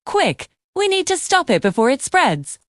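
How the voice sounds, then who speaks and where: A brave little male monkey from a children's cartoon story, kind and playful, voiced by a woman in a bright, lively voice that jumps around a lot. He talks in a gentle, caring way with a joking edge. The voice is dry and close. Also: sits high, moderate pace, no echo, pitched above the performer's own voice.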